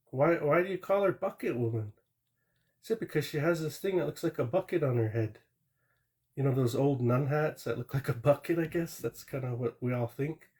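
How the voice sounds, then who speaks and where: A man calls into a live stream to share a true ghost story, rambling in a plain-spoken, casual way with small restarts and asides. His voice is mid-range with a darkish tone.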